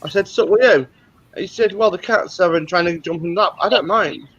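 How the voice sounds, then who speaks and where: A man, a guest chatting casually and telling slow, laid-back stories between short agreeing replies. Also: sits high, fairly bright tone, breathy edge, muffled recording. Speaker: guest on the show. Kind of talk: casual chat.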